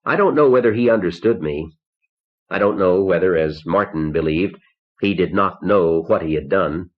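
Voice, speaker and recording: Male audiobook narrator, deep, measured, somber first-person reading, lo-fi cassette sound. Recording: dull lo-fi cassette tape.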